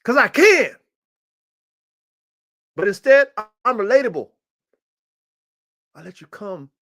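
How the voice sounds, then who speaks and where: With big pitch swings and a slightly bright voice, a man speaks slowly while hosting a livestream about his working dogs as a breeder. His casual monologue on a streaming mic is full of boasting, swagger and profanity, his pitch shooting up when he's hyped.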